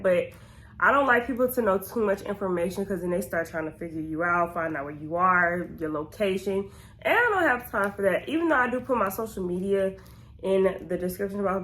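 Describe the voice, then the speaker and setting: A woman's voice: mid-range voice, a bit bright. A young woman. She chats candidly and casually to her viewers, answering questions about herself with plenty of slang. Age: 20s. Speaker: vlogger. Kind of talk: casual get-to-know-me Q&A.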